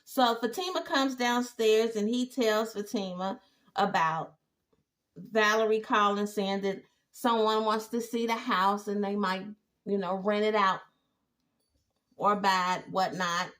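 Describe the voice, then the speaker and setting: A woman giving a casual, animated TV episode recap with exclaiming asides. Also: medium pitch, unhurried. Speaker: TV recap host.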